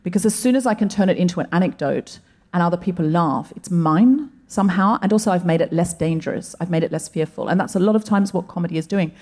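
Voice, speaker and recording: A woman comedian talking to a live audience on stage in a thoughtful, measured way. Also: lowish voice, darkish tone. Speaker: comedian, co-host.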